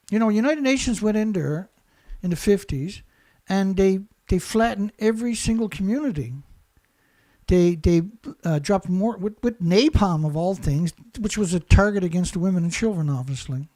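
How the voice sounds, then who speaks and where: A man hosting a show delivers a furious monologue heavy on insults, repeating himself as he rants. His voice sits high and has a warm tone.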